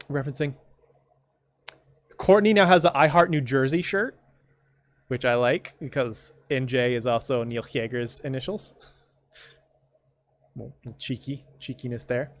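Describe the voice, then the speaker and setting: A man's voice: medium pitch, measured pace, pauses often. A man giving casual commentary on his own comic, rambling along with dry, sarcastic asides. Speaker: comic creator.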